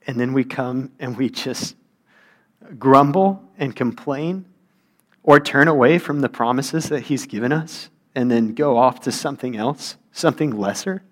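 A young man preaching a casual sermon, talking in a loose, conversational way and acting out complaining voices. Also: medium pitch. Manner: conversational, acts out whiny voices, grows heated.

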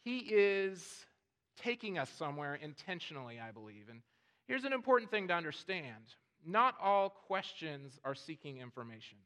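With earnest, unhurried reasoning, a male pastor delivers a sermon, often doubling words as he begins a thought. His voice is a little higher than most men's, with a sing-song lilt and a fairly bright tone.

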